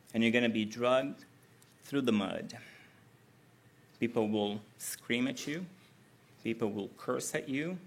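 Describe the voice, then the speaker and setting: A man with a gravelly voice speaking as a calm, loving male teacher in a retold scripture story. He warns firmly of a hard road ahead. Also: medium pitch.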